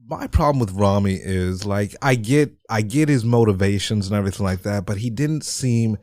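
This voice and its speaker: A man's voice: lowish voice, moderate pace, a little mellow, no echo, clean studio sound. A man co-hosting a casual film podcast, blunt and profane, often restarting his sentences. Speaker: podcast co-host. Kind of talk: casual film review chat.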